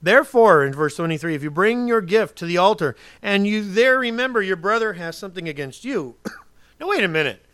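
Bright, dry-voiced preacher quizzing his congregation. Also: high-pitched, lively intonation, fairly quick, clean tone, no room sound. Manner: conversational preaching, asks the congregation questions; swings from loud emphasis to quiet asides. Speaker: pastor. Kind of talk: sermon.

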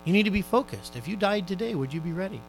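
A male preacher delivering a sermon, exhorting his listeners fervently and swinging between loud urgent appeals and hushed, quiet questions. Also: high-pitched, lively intonation, quick pace, soft background music, rough recording.

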